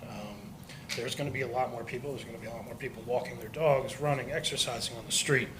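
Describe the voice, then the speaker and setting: A man speaking during public comment at a village council meeting, measured and polite with small hesitations. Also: medium pitch, steady tone, background noise.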